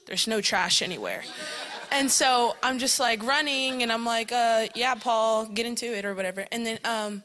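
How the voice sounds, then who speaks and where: A young woman casually gives a testimony about camp, as someone who attended it. Her voice is a little high, bright and forceful at a normal speed, and she chats along with fillers like "like" and "um," often laughing.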